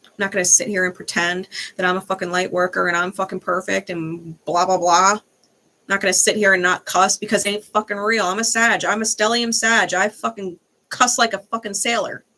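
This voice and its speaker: Blunt, cussing woman with a gravelly voice. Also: medium pitch, level tone, brisk, pushed and bright. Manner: blunt, profane, fired-up. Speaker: tarot reader. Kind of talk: unscripted ranting monologue.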